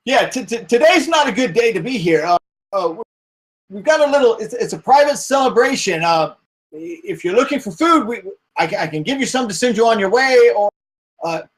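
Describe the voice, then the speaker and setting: A man's voice: sits high, expressive, brisk, pitched above the performer's own voice. A man voicing a wary village father with an axe, who stammers and wants the stranger gone. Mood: guarded. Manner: stammering, curt, eager to send strangers off.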